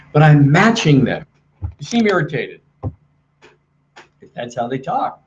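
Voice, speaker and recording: Energetic man giving sales training. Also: fairly high pitch, a little slow, long pauses, dull audio, a little hiss or hum. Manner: energetic, acts out quoted dialogue. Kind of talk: webinar sales training talk. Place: hotel room.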